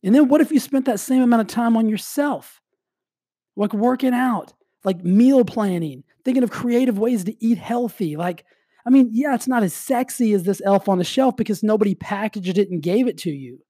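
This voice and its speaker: An energetic man delivers a motivational talk in a casual, rambling way, with "like" dropped through his sentences. His voice is dark and mellow, recorded dry and close, with a slight cough in the background of his health. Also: high voice, moderate pace, slightly rough, no room sound. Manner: energetic, casual, heavy use of "like". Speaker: motivational speaker. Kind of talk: motivational monologue.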